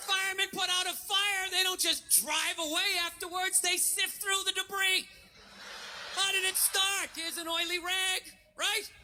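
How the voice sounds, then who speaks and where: A man doing stand-up comedy on stage, ranting in an exasperated way and yelling back at the crowd. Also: extremely high pitch, level tone, a little slow, over music. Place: stage of a live comedy special.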